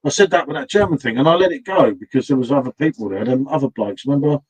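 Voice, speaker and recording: A man's voice: medium pitch, fast, slightly rough, rough recording. A man hosting a casual pub chat stream, telling blunt, sweary stories and repeating himself when worked up.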